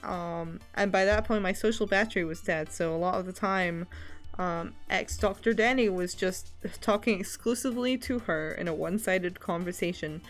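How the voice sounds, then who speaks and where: A woman's voice: fairly low pitch, moderate pace, soft background music. A woman streamer chatting casually, rambling with many fillers and frequent laughter.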